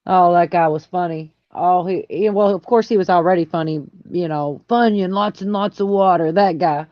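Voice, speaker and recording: A woman in casual livestream chat, chatty and quick to laugh, reading comments aloud. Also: lowish voice, no room sound, lo-fi sound.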